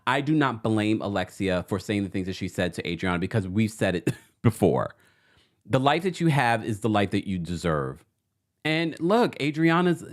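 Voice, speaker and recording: Male livestream host, mid-pitched, very lively intonation, sassy reality TV commentary. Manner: animated, sassy, talking straight to cast members. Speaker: podcast host.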